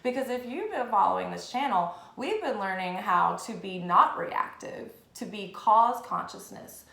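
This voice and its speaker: A woman tarot reader talking in a casual, animated way on her spiritual vlog, swearing freely as she goes. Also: medium pitch, unhurried, gravelly. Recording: echoey room.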